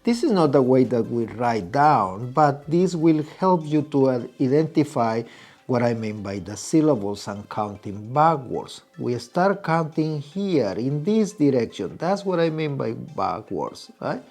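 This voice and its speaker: A man's voice: mid-range voice, sing-song, unhurried, a little mellow, faint music behind. A man teaching a lesson, patiently repeating key points and stretching out syllables. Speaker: Spanish teacher. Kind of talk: explaining at a whiteboard.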